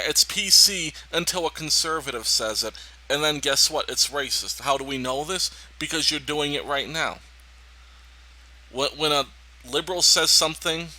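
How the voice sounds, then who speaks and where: A man giving indignant, emphatic political reaction commentary on a video clip, pausing to talk over it. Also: mid-range voice, pushed and bright, low-quality recording.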